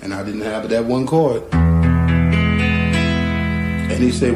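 Guitar player spinning a folksy tale, lively, chuckles a lot, roomy echo, faint guitar behind. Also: male voice, mid-range voice, brisk. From North Carolina. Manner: animated, acts out voices in his story, chuckles often. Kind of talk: folksy storytelling.

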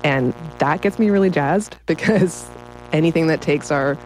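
A woman's voice: low-pitched, normal speed, darkish tone, slight background noise, low-quality recording. A woman writer talking as a guest in a casual interview, enthusiastic and often breaking into laughter.

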